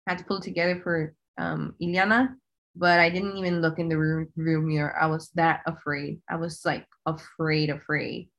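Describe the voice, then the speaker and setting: Podcast guest, woman, lowish voice, easygoing storyteller with fillers. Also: moderate pace, vocal fry, muffled recording. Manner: relaxed, telling family stories with fillers. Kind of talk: casual storytelling.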